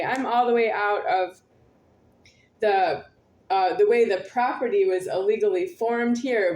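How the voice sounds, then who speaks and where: A woman's voice: mid-range voice, darkish tone. A woman talking to camera in a rambling monologue, repeating and circling her phrases insistently. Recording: roomy echo.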